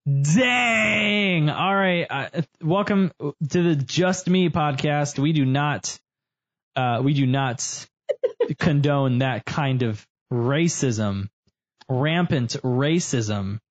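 A man's voice: medium pitch, takes it slowly. A man hosting a casual podcast chat, joking around and stretching words out in mock-serious asides. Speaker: podcast host.

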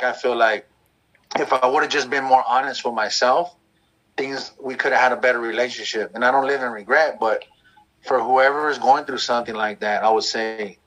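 A man's voice: mid-range voice, a bit bright, poor audio. A man talking candidly and reflectively about his past in a loose, conversational way. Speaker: guest sharing his story.

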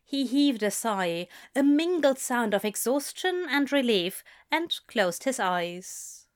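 A woman reads a romantic fan fiction story aloud in a soft, gentle way. Her voice sits a little high, and she takes her time, moving at an unhurried pace. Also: big pitch swings. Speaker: narrator. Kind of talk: audiobook fan fiction reading.

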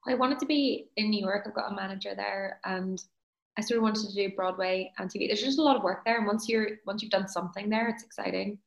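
A woman's voice: medium pitch, fast talker, creaky, dull audio. Woman, actor guest, easygoing and laughing, echoey room. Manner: easygoing, laughs often, self-deprecating. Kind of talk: casual interview chat. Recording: roomy echo.

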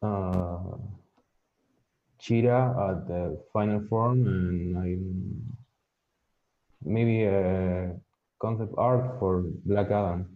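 A man's voice: deep voice, fairly even intonation, drawn-out words, pauses often. Male guest, hesitant, tinny call audio. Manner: hesitant, short answers. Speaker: guest artist.

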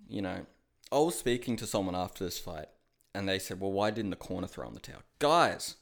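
A man giving a casual, profane fight recap monologue, ranting and calling his viewers "guys.". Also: medium pitch. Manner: animated, shouts reenacted outbursts. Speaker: MMA commentary host.

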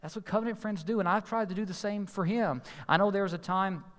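A man preaching a sermon as pastor, earnest and emphatic, slowing to stress key phrases. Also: high-pitched, a bit bright. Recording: long hall reverb.

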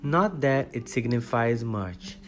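A polite, flustered young girl from a storybook exclaims her apologies in a slightly lifted voice, as a man reads her lines. Clear background music plays under the reading. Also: mid-range voice, animated, slow pace. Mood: musing.

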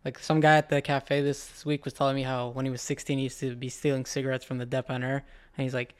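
Brief: co-host, dry interjections, quick monotone delivery. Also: male voice, medium pitch, clean tone. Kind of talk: casual podcast chat.

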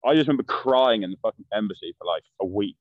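A young man with a lowish voice talks quickly and animatedly, in a dry and muffled recording. As a guest in casual chat, he tells stories bluntly, swears a lot, and acts out what people said.

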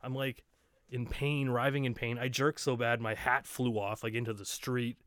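Man, podcast co-host, casual storytelling, middle pitch, dry close sound. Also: little pitch movement, moderate pace, fairly bright tone, no echo. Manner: laid-back storytelling, laughs often. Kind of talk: casual chat. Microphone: home studio mic.

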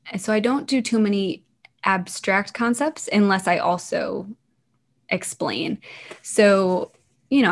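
A woman who teaches young children online, telling stories from her classes in a casual, animated way. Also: on the low side. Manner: animated, acts out the children's lines. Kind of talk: casual interview storytelling.

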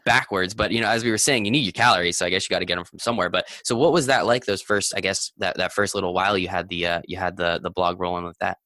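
A man's voice: deep voice, fairly even intonation, fast, hardly any pauses, sharp tone, dry recording. A man hosting a casual interview, chatty and enthusiastic, asking long rambling questions. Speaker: podcast host.

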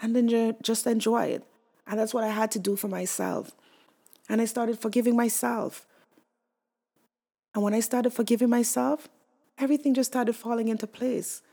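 A woman's voice: medium pitch, vocal fry, mellow. A young woman telling her own story as a mother, candid and emotional, with many fillers. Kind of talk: personal testimonial.

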